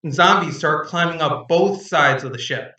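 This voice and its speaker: A man's voice: a little high, normal speed, pushed and bright, heavy reverb, far from the mic, lo-fi sound. A man narrating as game master of a tabletop game, rambling and hesitant with fillers.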